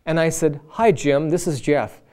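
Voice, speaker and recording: An earnest middle-aged man tells his personal testimony, with the easy, talky rhythm of a lay preacher. His voice sits a touch high for a man and comes through smooth and resonant. He slips into the voices of the people in his story as he goes. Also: moderate pace, warm tone. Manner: earnest, conversational, acts out quoted voices.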